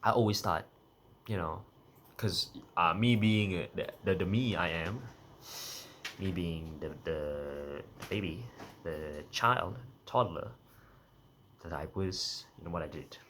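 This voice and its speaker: A man's voice: low-pitched, slow pace, a bit bright, a little hiss or hum. A young man in a casual personal monologue, rambling and correcting himself as he half-jokes through his thoughts. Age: young adult. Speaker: vlogger.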